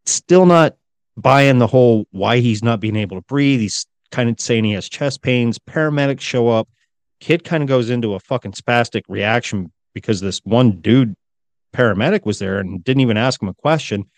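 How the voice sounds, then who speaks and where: A man's voice: medium pitch, moderate pace, dry recording. A man co-hosting a casual podcast, telling a story loosely with lots of swearing and acted-out quotes. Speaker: podcast co-host. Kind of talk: casual chat.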